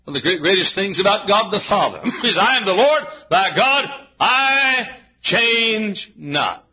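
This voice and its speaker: A man preaching in a church, his husky voice swinging widely between low murmurs and high, ringing cries. He repeats lines and works up to shouted peaks. The recording is dull and lo-fi. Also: expressive, a little slow. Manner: preaching with rising, shouted climaxes and repetition. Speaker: pastor. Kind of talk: sermon.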